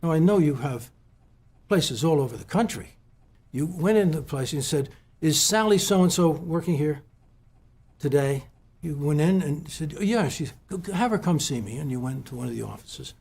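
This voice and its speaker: A man from the West Coast of the US interviewing a guest at a golf club, speaking haltingly with many restarts and fillers. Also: fairly high pitch, lively intonation, vocal fry, darkish tone, husky. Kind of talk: heartfelt conversational tribute.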